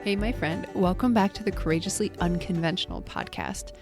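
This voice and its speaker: A woman hosting a solo podcast as a life coach, her voice slightly scratchy from a recent illness, speaking gently and reflectively to the listener as a friend. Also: fairly low pitch, fairly quick, over music.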